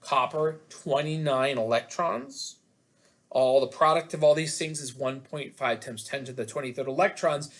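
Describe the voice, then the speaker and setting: A man's voice: mid-range voice, normal speed. Chatty man giving an online physics lecture. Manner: chatty, jokey asides to students. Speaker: physics instructor.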